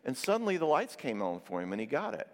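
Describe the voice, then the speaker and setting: A man's voice: medium pitch, fast, big-room sound. A man giving a conversational Christian talk on marriage, acting out both sides of conversations as he tells stories. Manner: animated storyteller who acts out both sides of conversations. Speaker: marriage counselor and speaker.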